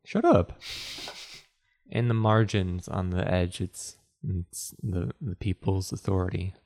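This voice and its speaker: A man's voice: low voice, steady tone, measured pace, creaky, darkish tone, no echo, clean studio sound. A man playing a tabletop role-playing game, talking in a loose, jokey, rambling way and often trailing off mid-sentence. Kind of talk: casual tabletop role-play chat.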